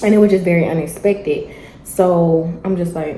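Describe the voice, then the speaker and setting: A young woman, telling a story in a casual, animated vlog chat and acting out the dialogue. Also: lowish voice, moderate pace, reverberant, slight background noise, poor audio. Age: young adult. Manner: animated, chatty, acts out dialogue. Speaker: vlogger. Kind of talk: casual storytelling while eating.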